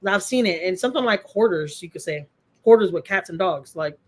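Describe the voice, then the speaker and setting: Chatting from home on her casual livestream, a middle-aged Texan host responds warmly to viewer comments and repeats phrases to drive points home. She speaks briskly and expressively in a lower register.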